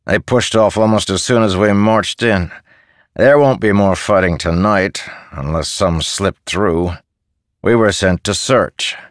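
A man voicing a loud, lecturing soldier. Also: sits low, measured pace, dry recording, clean studio sound, voice pushed up. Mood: dismissive. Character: hard, self-righteous male soldier, sunken-eyed.

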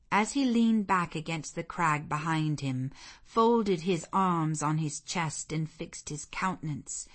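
A woman narrating a classic novel in a measured, expressive storytelling manner. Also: low voice. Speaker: audiobook narrator. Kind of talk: scripted literary narration.

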